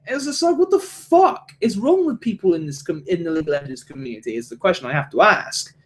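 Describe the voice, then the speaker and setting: A man's voice: on the high side, sing-song, quick pace. Guy ranting solo on his podcast, swears a ton, voice jumps all over. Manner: rambling, swears a lot, frequent restarts. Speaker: podcast host. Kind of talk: solo casual podcast rant.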